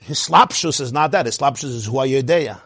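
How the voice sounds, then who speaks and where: A man giving an animated lecture on Hasidic teaching as a Torah teacher, firing rhetorical questions and often laughing. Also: medium pitch, moderate pace, slightly rough, no echo, clean studio sound.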